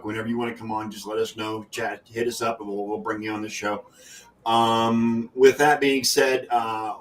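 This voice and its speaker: A man's voice: medium pitch, far from the mic. A man hosting a casual sports talk show, rambling and restarting his sentences as he wraps up. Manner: rambling, self-correcting. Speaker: podcast host.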